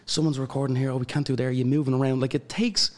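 Irish guy, young, chatty and animated, laughs a lot as he tells stories. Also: medium pitch, quick pace. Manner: animated storyteller, laughs often. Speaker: guest. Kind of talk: casual chat.

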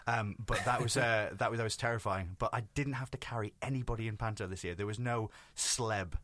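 A man's voice: fairly low pitch, fairly quick, dry recording. A man telling comic stories in casual podcast chat. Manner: animated storyteller, does voices.

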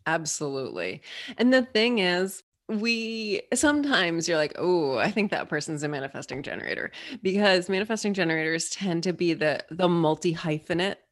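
A woman as an interview guest, explaining ideas in a lively, playful way. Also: on the low side, dry recording, studio quality. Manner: animated, playful storyteller. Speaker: guest explaining personality types. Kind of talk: casual interview talk.

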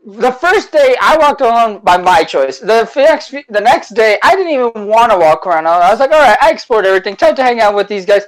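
A man's voice: high-pitched, big pitch swings, brisk, few pauses, poor audio. Laid-back man telling convention stories. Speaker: podcast co-host. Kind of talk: casual chat.

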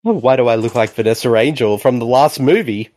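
A man co-hosting a podcast, chatting casually as he riffs on a movie, laughing often and talking with excitement. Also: medium pitch, fairly quick. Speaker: podcast co-host. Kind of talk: casual movie riffing chat.

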